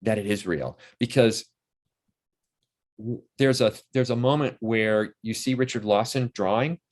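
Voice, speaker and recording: A man in his sixties, an interview guest who tells lively stories about a film shoot and acts out what people said on set. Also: fairly low pitch, a little slow. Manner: animated storyteller who acts out quotes from the set. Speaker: interview guest, actor and playwright. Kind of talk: casual interview chat.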